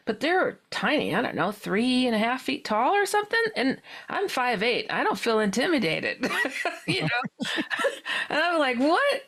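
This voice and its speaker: Telling a story from her own life on a podcast, this woman, a paranormal author, is lively and quick to laugh. When she re-enacts what she once said, her pitch leaps abruptly.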